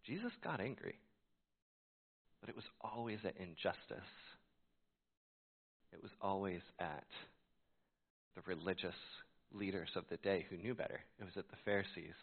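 A man's voice: low voice, lively intonation, moderate pace, creaky, pauses often, breathy edge. A man preaching a sermon as a pastor, telling a story and acting out his own reactions. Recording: tinny phone-like sound.

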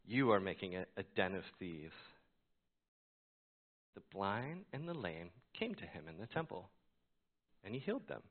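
A man's voice: low-pitched, sing-song, measured pace, long pauses. A man preaching a sermon as a pastor, telling a story and acting out his own reactions. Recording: tinny phone-like sound.

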